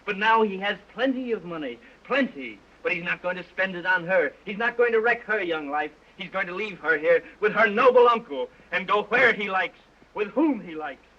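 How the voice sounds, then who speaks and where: A man's voice: sits high, lively intonation, moderate pace, few pauses, bright, forceful tone, heavily acted. An actor in an early sound film playing a reckless young man, sardonic and half-drunk, mocking those around him. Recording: dull early talkie sound with music.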